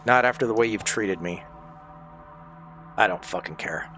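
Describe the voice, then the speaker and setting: A man's voice: lowish voice, normal speed, a bit bright, faint music behind. Profane, ranting man streamer. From not from the United States. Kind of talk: casual rant during a game stream.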